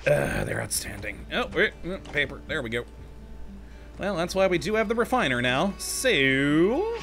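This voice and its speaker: Casting note: male let's-play host, bright, forceful voice, chatty and frustrated with the game, faint music underneath. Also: fairly high pitch, sing-song, measured pace. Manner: talks to himself, easily exasperated, laughs often. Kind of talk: casual gameplay commentary.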